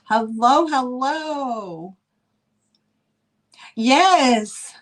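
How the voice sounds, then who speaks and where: Chatty New York woman hosting a live sale, slow and easygoing in delivery. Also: high-pitched, animated. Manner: chatty, greets chat viewers by name. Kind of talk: live-stream selling chat.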